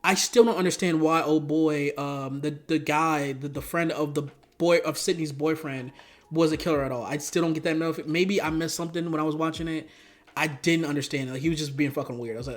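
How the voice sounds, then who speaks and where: Young male reviewer, slangy and loose, fairly high voice, spikes up in disbelief. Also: a little fast. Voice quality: profane, animated, slangy, jumps to high-pitched outbursts. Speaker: YouTube movie reviewer. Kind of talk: casual rambling review.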